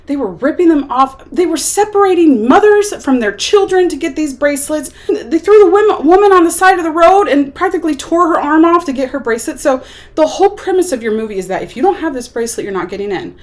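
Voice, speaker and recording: A woman talks through a film she disliked in a casual, exasperated rant. Her voice sits high and leaps around with lively swings. She slips into mocking voices when she quotes people. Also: fast talker. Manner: animated, exasperated, acts out quotes. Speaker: movie reviewer.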